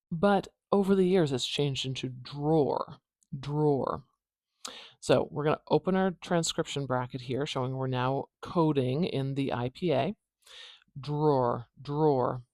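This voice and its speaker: A speaker with an Atlantic Canadian accent teaches phonetic transcription in a mid-pitched voice. They sound out example words slowly and repeatedly, with light, playful asides. The recording is dry and close, with no room sound. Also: darkish tone, no room sound. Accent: Atlantic Canadian English. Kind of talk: IPA transcription lesson.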